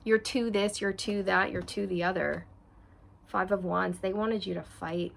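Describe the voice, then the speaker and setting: Gravelly-voiced woman reading tarot cards. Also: mid-range voice, fairly even intonation, measured pace, slight background noise. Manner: chatty, repetitive, speaks straight to viewers. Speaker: tarot reader. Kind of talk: casual tarot reading to camera.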